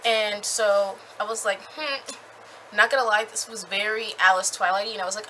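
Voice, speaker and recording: A young woman recapping a book in a chatty, animated way with lots of fillers. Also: medium pitch, moderate pace, slight background noise, rough recording. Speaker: book reviewer.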